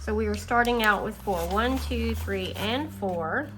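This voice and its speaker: A woman hosting a casual budgeting video, chatting and counting her savings out loud, easily amused. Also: medium pitch, unhurried. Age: adult. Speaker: budgeting channel host. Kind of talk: casual chat while scratching savings challenges. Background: faint engine noise from a utility vehicle outside.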